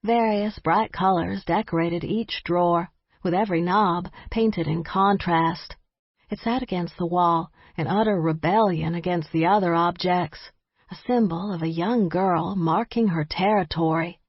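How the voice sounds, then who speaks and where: A woman reads a first-person audiobook in a measured, wry storytelling manner. Her voice is husky and a bit low. The recording is dry and slightly muffled. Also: no echo. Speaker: audiobook narrator. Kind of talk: first-person scripted narration.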